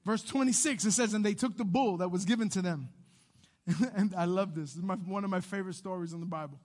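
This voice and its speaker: A man pastor preaching a sermon, swinging between loud animated bursts and hushed quiet passages. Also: sits high, quick pace.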